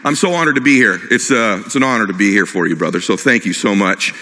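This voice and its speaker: Male keynote speaker, bright forceful tone, quick punchy delivery, long hall reverb. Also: fairly low pitch, a little hiss or hum. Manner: fast, punchy, jokes with the crowd. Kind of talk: energetic motivational speech. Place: large hall with live audience.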